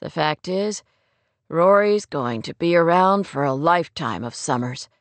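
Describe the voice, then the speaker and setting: A woman's voice: lively intonation, unhurried, no echo. A woman voicing a troubled young man in love. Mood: steady. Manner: low, subdued, husky.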